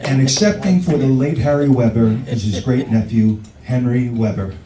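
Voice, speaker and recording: A man's voice: mid-range voice, moderate pace. A man presenting at an awards ceremony, reading out who accepts each award and welcoming them to the podium. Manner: reads names and welcomes people up. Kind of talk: formal announcing at a podium. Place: large event hall. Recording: echoey hall from far off with loud noise.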